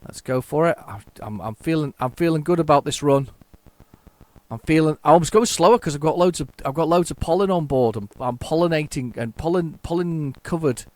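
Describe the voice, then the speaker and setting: A man's voice: a little high, fairly quick, a little mellow, no room sound. A man hosting a retro gaming video, chatting casually and rambling through his commentary with many fillers and restarts.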